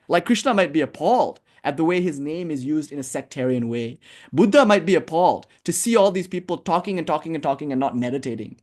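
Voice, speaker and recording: A man giving a casual, animated spiritual lecture, telling stories and acting out what people say. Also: a little high, quick pace. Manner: animated storytelling, casual, acts out quotes. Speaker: spiritual teacher.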